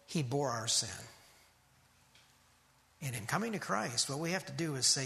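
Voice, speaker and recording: A man preaching a sermon as pastor, emphatic and rhythmic, dropping to a hush on key words. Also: mid-range voice, expressive, moderate pace, gravelly, pauses often, big-room sound, slight background noise.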